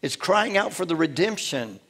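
Gravelly-voiced male pastor preaching emphatically. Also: sits high, big pitch swings, moderate pace, a bit bright. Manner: emphatic preaching with repetitions and rhetorical questions. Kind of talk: sermon.

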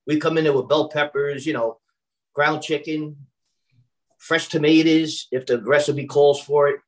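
On the high side and a little slow, his steady voice comes through poor audio. This Brooklyn, New York personal chef chats casually on a video call, rambling with many fillers and restarting sentences with repeated words.

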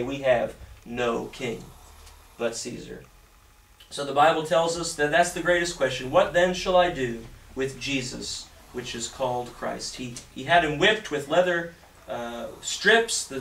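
A male pastor preaching a sermon and reading scripture aloud, often halting and repeating words. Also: fairly high pitch, fairly bright tone. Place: church sanctuary. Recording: echoey church from a distance.

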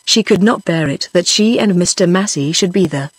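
A text-to-speech woman's voice with a British English accent, reading a novel aloud in a steady synthetic tone that stays the same for every character. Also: lowish voice, normal speed, slightly rough, dry recording, poor audio. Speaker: audiobook narrator.

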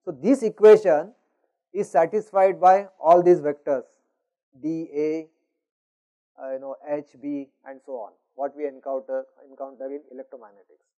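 Brief: man lecturing, mellow fairly high voice, lo-fi classroom recording. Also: steady tone, normal speed. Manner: explanatory, frequent "you know" and "is it not?". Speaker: university lecturer.

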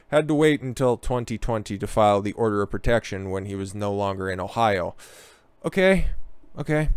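A man's voice: mid-range voice, clear, resonant tone, no room sound. A man giving sarcastic, exasperated commentary, swearing often and mocking what he reads out.

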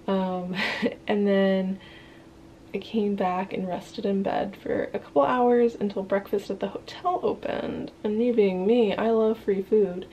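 Slow-talking chatty young woman vlogger. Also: mid-range voice, warm tone, muffled recording, slight background noise. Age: young adult. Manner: chatty, giggly, swears casually. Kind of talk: casual travel vlog chat.

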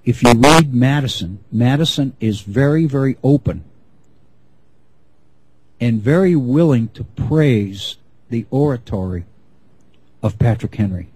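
A middle-aged man giving an unscripted history lecture, measured and often restarting his phrases. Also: mid-range voice, darkish tone, slight background noise, low-quality recording.

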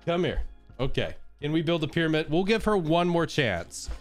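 A man's voice: fairly high pitch, very animated, normal speed, soft background music. A man casually chatting on his live stream while playfully coaxing his dogs through a treat trick, laughing often.

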